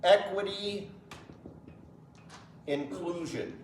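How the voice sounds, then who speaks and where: A middle-aged male pastor teaching a Sunday School class in a lively, conversational way, often putting questions to the class. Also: sits high, very slow. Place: church classroom. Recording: roomy echo.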